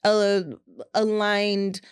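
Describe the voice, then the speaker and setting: A woman's voice: mid-range voice, monotone, extremely slow, smooth. A woman from St. Louis with a St. Louis accent, co-hosting a podcast and talking candidly in casual chat. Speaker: podcast co-host.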